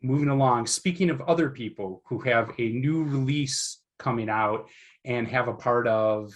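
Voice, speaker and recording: Guy hosting a podcast, kinda husky voice, long rambly questions, excited. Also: mid-range voice, moderate pace. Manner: enthusiastic, rambling questions with fillers. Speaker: podcast host. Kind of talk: casual interview.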